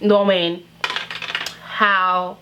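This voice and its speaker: A woman's voice: fairly low pitch, little pitch movement, very slow, muffled recording, noisy background. A young woman in her twenties from Nigeria, speaking candidly and emotionally in a personal vlog, with frequent fillers. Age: 20s. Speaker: vlogger.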